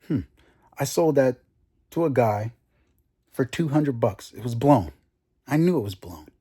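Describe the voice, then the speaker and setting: Husky young man telling a car story. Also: medium pitch, measured pace. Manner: animated, acts out quoted conversations. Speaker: car enthusiast vlogger. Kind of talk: casual storytelling rant.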